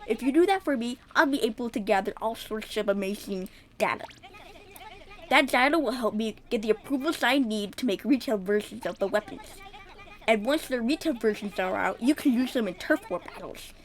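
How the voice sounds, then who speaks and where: A woman's voice: on the high side, lively intonation, normal speed, lightly acted. A woman voicing a nerdy male horseshoe-crab weapon shopkeeper with an exaggerated nerdy voice while reading game dialogue aloud. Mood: earnest.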